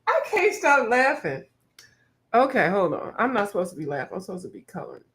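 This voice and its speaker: A woman's voice: mid-range voice, huge pitch swings, brisk, a bit bright. Giggly woman painting on a livestream. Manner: laughing a lot, reading out chat, teasing. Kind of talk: casual livestream chat while painting.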